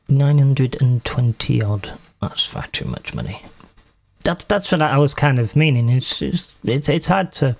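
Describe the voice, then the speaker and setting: A man's voice: medium pitch, animated, measured pace, darkish tone. A man casually commenting on his own gameplay while streaming, chatty and self-mocking as he talks to himself.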